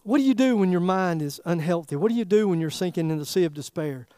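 A man preaching a sermon in a folksy, animated way, throwing rhetorical questions at the congregation. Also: high-pitched, fast, smooth, dry recording. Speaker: pastor.

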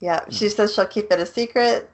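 A woman co-hosting a podcast, chatting about an anime episode casually and quick to laugh. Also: medium pitch. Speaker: podcast co-host. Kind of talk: casual anime review chat.

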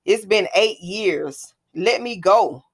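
Woman voicing a calm, defiant mother. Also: mid-range voice, slow pace, slightly rough. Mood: firm. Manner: firm, composed.

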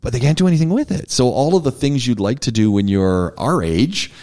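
A middle-aged man from Canada chatting casually as co-host, telling stories with lively acted-out voices and frequent laughs. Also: fairly quick. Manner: animated storyteller, acts out others' lines with big pitch jumps, laughs often. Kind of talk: casual chat.

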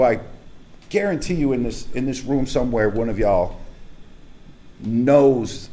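A man's voice: on the low side, warm tone. A man preaching a casual, conversational sermon as a pastor, speaking emphatically and straight to his congregation in a church hall.

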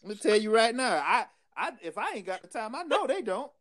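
A man's voice: high voice, very animated, fairly quick, fairly bright tone. A man co-hosting a podcast in casual chat, talking emphatically in street slang and laughing often, like he's preaching to a friend. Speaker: podcast co-host.

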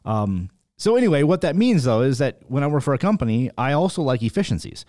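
A man's voice: medium pitch, sing-song, fast talker, a little mellow. A man co-hosting a podcast in casual chat, teasing his co-host with joking banter.

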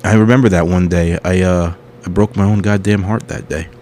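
A deep-voiced man hosting a comedy podcast, talking in a loose, rambling way. He jumps between tangents with crude, self-mocking humor. A faint hiss sits under his voice. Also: fairly even intonation, fairly quick, darkish tone. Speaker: podcast host.

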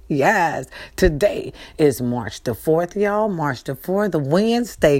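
Low-voiced woman half-whispering a plea. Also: animated, slow, hardly any pauses. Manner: repetitive, pleading, addresses viewers as y'all; half-whispering, soft-spoken. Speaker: vlogger. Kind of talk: casual morning vlog talk.

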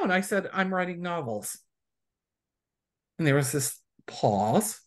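Speaking at normal speed in a lowish voice, this woman from the USA is a romance author being interviewed as a guest. The chat is casual, and she tells anecdotes while performing the voices of people she quotes.

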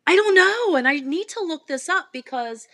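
Lively South Jersey woman chatting. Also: very high-pitched, normal speed, dry recording. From South Jersey, USA. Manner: animated, laughing, self-correcting storyteller. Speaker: podcast co-host. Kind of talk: casual chat.

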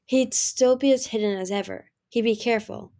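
A woman narrating a fantasy novel as an audiobook, steady storytelling with occasional restarts. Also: fairly high pitch, normal speed.

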